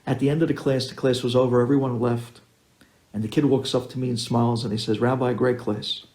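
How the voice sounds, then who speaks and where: A rabbi telling a story to an audience, acting out the dialogue in a lively way. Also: male voice, mid-range voice, brisk. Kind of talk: storytelling talk.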